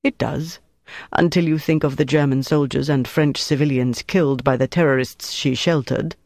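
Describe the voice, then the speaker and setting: A reader voicing a calculating German officer, speaking in a measured, coolly menacing way. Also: male voice, medium pitch, fairly even intonation, gravelly, darkish tone, no room sound, natural voice. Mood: cold, measured. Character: cold, calculating German officer interrogating a prisoner.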